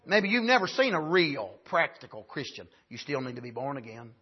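A man preaching a sermon at a camp meeting, punctuating with frequent "amen" and building up to shouts. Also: mid-range voice, sing-song, brisk, slightly rough, highs cut off.

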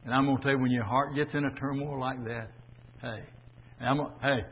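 Older male preacher, fervent and folksy; husky voice, lo-fi church sound with long reverb. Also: mid-range voice, fairly even intonation, brisk. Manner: swings from shouting fervor to quiet storytelling. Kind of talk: Pentecostal-style sermon on the air.

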